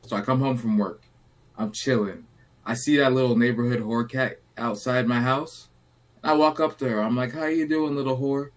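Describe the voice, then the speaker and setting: A young man hosts a loose podcast chat at a mid-range pitch, drifting through a story with lots of "like" and "you know". He talks in a relaxed, unhurried way and slips into voices for the people he quotes. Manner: relaxed, rambling, acts out quotes. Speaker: podcast host.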